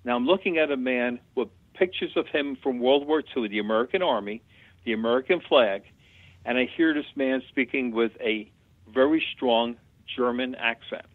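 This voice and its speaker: A man's voice: medium pitch, normal speed, dry recording. A man who works as a medium, a guest telling chatty, plain-spoken anecdotes in an interview. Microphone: phone call. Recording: tinny dry phone line.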